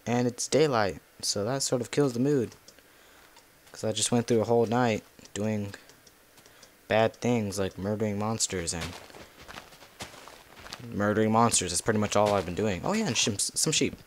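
A man's voice: lowish voice, moderate pace, pauses often, a little hiss or hum. Rambling young-sounding man playing a game. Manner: rambling, talks to himself and cusses at monsters. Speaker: gameplay video creator. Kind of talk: casual gameplay commentary.

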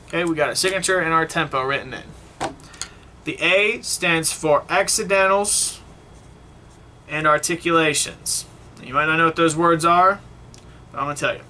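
A man's voice: fairly high pitch, moderate pace, long pauses, sharp tone, slight background noise. A man teaching a saxophone lesson, explaining step by step and often checking in with "okay?" and "right?". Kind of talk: online music lesson.

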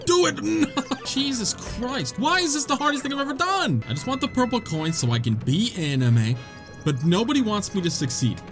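A young man giving comedic, excitable commentary while playing a video game, laughing often, with game music behind him. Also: extremely high pitch, normal speed. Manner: joking, excitable, frequent laughter. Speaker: gaming YouTuber. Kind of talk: comedic let's-play commentary.

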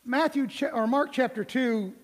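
A man's voice: very high voice, moderate pace, in a large hall. A middle-aged male pastor preaching a folksy, conversational sermon in a church, with light humor. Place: church sanctuary.

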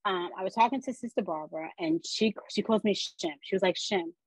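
Husky woman telling her story. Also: mid-range voice, brisk, dry recording, poor audio. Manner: animated storyteller acting out quoted voices. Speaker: podcast guest. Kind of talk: personal storytelling.

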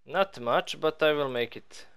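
A man's voice: a little high, a little slow, vocal fry, fairly bright tone, smooth. A man giving casual, rambling let's-play commentary as he builds in a game, joking at his own expense. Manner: rambling, playful, self-mocking. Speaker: gaming channel host.

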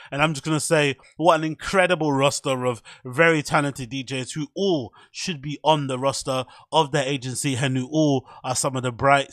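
A man's voice: mid-range voice, fairly bright tone, no echo, studio quality. A man with a British accent hosting a casual solo podcast, talking in a joking, self-mocking way with sarcastic asides. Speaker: podcast host.

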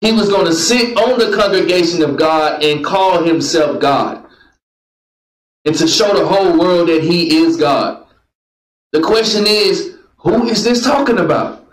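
High-voiced man preaching in an echoey room. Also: measured pace. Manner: calls out commands to a reader, jokes with the crowd. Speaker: Bible teacher. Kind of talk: preaching lesson to a class. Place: meeting room with a group. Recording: roomy echo.

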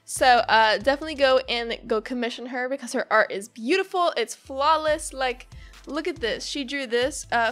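A bubbly woman YouTuber with a notably high voice, gushing as she chats casually to her viewers. She giggles and restarts her sentences as she reacts to a webcomic, and faint music plays behind her. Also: normal speed, a bit bright. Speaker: YouTuber host.

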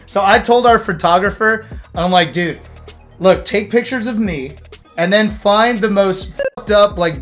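High-voiced, animated male streamer. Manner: animated, profane, fired-up storytelling. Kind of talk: casual stream recap storytelling.

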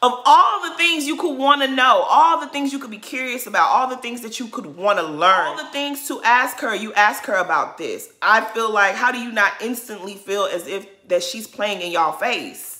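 A woman delivers an indignant reality-show recap. Her voice is bright and forceful, and she hammers her points through repeated rhetorical phrases. The room around her is echoey. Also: on the high side, animated, moderate pace, few pauses. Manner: indignant, emphatic, repetitive rhetorical build-ups. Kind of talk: opinionated recap commentary.

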